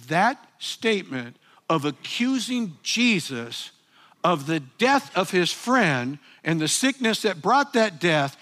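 A man preaching a sermon, moving between hushed, intense passages and loud, emphatic bursts while speaking to his listeners casually. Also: sits high, big pitch swings, slow. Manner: addresses listeners as "guys".

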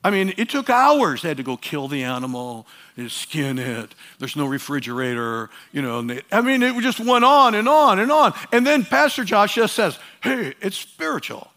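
High-pitched male pastor, emphatic sermon delivery with repeated phrases. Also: sing-song, moderate pace. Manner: emphatic, swings between loud urging and quiet asides.

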